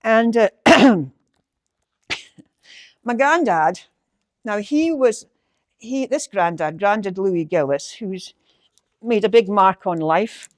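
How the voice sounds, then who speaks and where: A woman's voice: medium pitch, expressive, takes it slowly, long pauses, dry recording. An older woman from North-East Scotland with a lilting Doric accent, reciting a dialect poem and then telling family stories in a chatty, laughing way. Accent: Scottish, North-East Doric. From Ballater, Aberdeenshire, Scotland. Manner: lilting, chatty, laughs often, restarts sentences. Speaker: storyteller sharing family memories. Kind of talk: poem recital and reminiscing talk.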